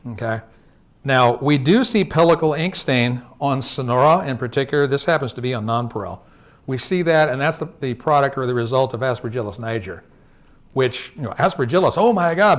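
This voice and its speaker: A man giving a live slide presentation to growers. He talks in a conversational way, tells stories from the field and keeps checking in with "okay?". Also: medium pitch. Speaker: industry presenter.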